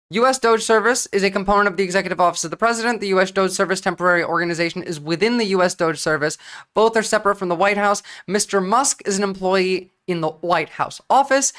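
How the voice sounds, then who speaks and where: Lady streaming, blunt and sweary, rattling off opinions, middle pitch. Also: fairly bright tone. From New Jersey. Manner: blunt, profane, talks fast in bursts with restarts. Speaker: livestream political commentator. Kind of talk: casual livestream commentary.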